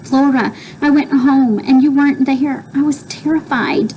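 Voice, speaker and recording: A woman's voice: high-pitched, steady tone, a little slow, darkish tone, a little hiss or hum, voice pushed up, rough recording. A woman voicing an anxious, tearful mother who speaks pleadingly. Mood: anxious, tender. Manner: pleading, emotional.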